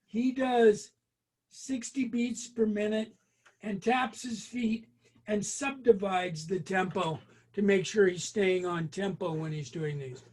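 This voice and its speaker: High-voiced man leading a brass lesson. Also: fairly even intonation, takes it slowly, darkish tone. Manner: chatty, hesitant, many ums and restarts. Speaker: group brass lesson leader. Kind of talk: casual spoken music lesson.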